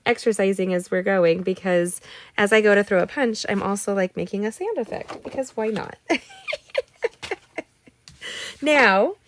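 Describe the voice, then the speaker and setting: A woman's voice: mid-range voice, a little hiss or hum. Woman, middle-aged, card-making livestream host, bubbly, rambling, chatty with viewers, little gasps and noises, a bit tired. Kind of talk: chatty live crafting tutorial.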